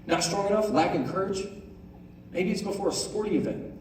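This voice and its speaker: A young man giving a casual, conversational sermon to a youth group, often asking "right?" and reading scripture out slowly. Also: high-pitched, darkish tone, slight background noise. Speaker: youth pastor. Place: large room on stage. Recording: echoey room, voice from far off.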